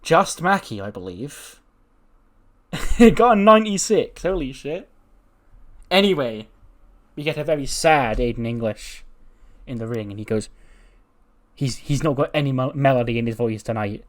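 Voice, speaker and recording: Man, gaming YouTuber, casual game commentary, laughs often, animated, medium pitch. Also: normal speed.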